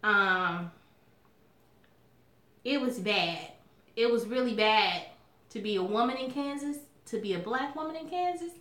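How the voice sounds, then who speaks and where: A woman's voice: on the high side, unhurried, long pauses. Sassy Southern woman chatting in echoey room. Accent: Southern US (Alabama). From Alabama, US South. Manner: chatty, sassy, animated, calls viewers y'all. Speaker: mukbang vlogger. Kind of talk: casual chat to viewers.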